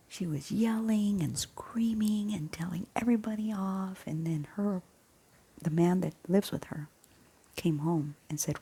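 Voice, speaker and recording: Husky low-voiced woman telling a story. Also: a little slow, long pauses. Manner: often drops into a husky half-whisper; rambling, repeats words when excited. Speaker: faith vlogger. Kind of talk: casual spoken storytelling.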